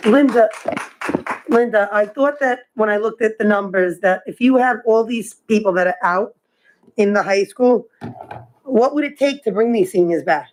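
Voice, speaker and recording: A woman's voice: mid-range voice, moderate pace, a little mellow, a little hiss or hum, low-quality recording. A woman board member pressing questions in a meeting discussion, cutting in to get answers.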